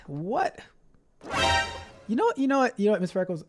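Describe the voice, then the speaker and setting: A man's voice: high voice, huge pitch swings, normal speed, soft background music. A man hosting a casual tech livestream, chatting with viewers in a playful, repetitive, motivational way. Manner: playful, repeats himself a lot. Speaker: tech coach livestream host.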